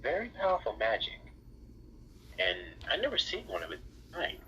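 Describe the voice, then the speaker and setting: A man voicing a composed male mage captain who speaks in a measured, admiring way. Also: fairly high pitch, huge pitch swings, creaky, bright, forceful tone, voice pushed up, exaggerated voice. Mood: impressed. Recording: dull lo-fi mic, faint hiss.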